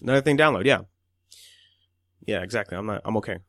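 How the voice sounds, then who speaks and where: A man's voice: fairly low pitch, animated, fast, fairly bright tone, no echo, studio quality. A man co-hosting a podcast in loose casual chat, swearing often and laughing as he quotes people. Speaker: podcast co-host.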